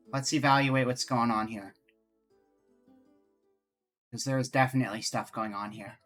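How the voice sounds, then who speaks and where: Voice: mid-range voice, a bit bright. A game streamer chatting casually with viewers and reading game dialogue aloud during a live stream.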